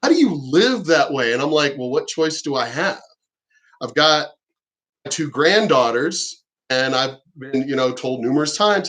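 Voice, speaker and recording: A man's voice: mid-range voice, lively intonation, a little slow, a bit bright. A middle-aged man and military veteran talking casually to camera in a rambling, profane way, acting out what other people told him.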